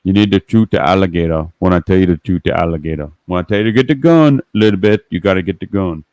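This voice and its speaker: Loud cajun gator hunter guy, drawly mushy mouth, a man putting it on, dry close sound. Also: deep voice, quick pace, no room sound, natural voice. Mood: bossy. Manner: yelling, drawling, mouth full as if with peanut butter.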